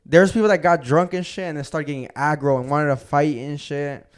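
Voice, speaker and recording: A man's voice: a little high, a little fast, clean tone. A young man, co-host of a podcast, telling party stories in casual chat, swearing and saying "bro" often. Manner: profane, animated storyteller, says "bro" a lot.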